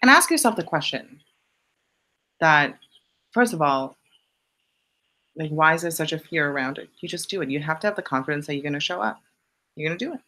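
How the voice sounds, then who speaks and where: A low-voiced woman talks straight to her viewers on a live stream. She coaches bluntly and leans on punchy repeated lines that jump up in pitch. She swears for emphasis. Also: animated, brisk, long pauses, pushed and bright. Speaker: live-stream host answering viewer questions. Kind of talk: casual motivational live stream.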